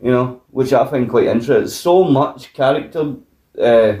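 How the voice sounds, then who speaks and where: A Scottish man co-hosting a film review podcast, retelling scenes in an animated, sweary way. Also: medium pitch, normal speed. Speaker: podcast co-host. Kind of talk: casual film review chat. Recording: roomy echo.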